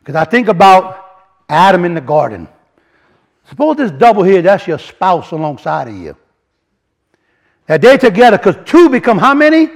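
A man delivering a sermon, talking his congregation through word meanings. His voice sits high and moves with wide swings of pitch. He often restarts phrases and leans into key words. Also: moderate pace, long pauses. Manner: animated, repeats and restarts, rising emphasis, colloquial grammar. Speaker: preacher. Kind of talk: sermon teaching from word studies.

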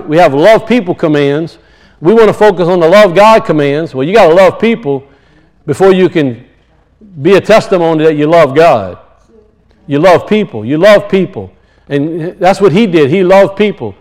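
A man's voice: fairly high pitch, a little mellow, rough recording. A man preaching a sermon to a congregation, emphatic and repetitive, calling out to his listeners for a response.

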